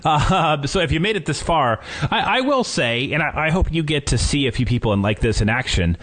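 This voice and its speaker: A man's voice: a little high, sing-song, brisk, fairly bright tone. Young man rambling on a podcast. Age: young adult. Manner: rambling, many fillers and restarts. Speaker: podcast host. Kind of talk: casual podcast conversation.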